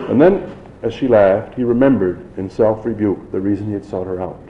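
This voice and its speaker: A man's voice: fairly low pitch, brisk, reverberant, lo-fi sound, a little hiss or hum. A man reading a novel aloud, unpolished, with some restarts. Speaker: reader.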